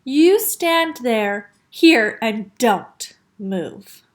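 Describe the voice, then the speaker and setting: A woman's voice: fairly high pitch, very animated, a little slow, a bit bright. A woman voicing an exasperated father in a storybook read-aloud, with a firm scolding tone. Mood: stern. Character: exasperated dad shopping with his daughter.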